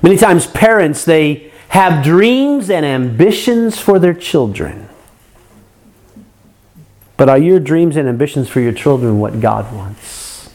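A man's voice: a little high, animated, slow, darkish tone. A man preaching a sermon, earnest, asking the congregation rhetorical questions and acting out their complaints.

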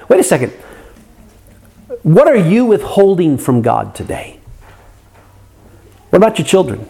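A man's voice: high voice, very animated, unhurried, vocal fry, pauses often, mellow. A man preaching a sermon, earnest, asking the congregation rhetorical questions and acting out their complaints.

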